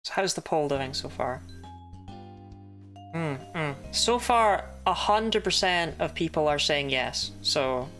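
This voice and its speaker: A woman's voice: sits low, slow, fairly bright tone, faint music behind. A woman chatting casually while streaming a game, laughing often and swearing now and then. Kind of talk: casual live-stream commentary.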